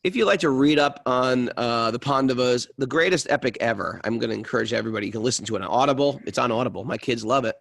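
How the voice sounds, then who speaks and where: A man's voice: mid-range voice, quick pace, creaky, hardly any pauses, fairly bright tone, no room sound. A middle-aged man hosting a casual spiritual podcast, enthusiastic and self-deprecating, telling stories with animation. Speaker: podcast host.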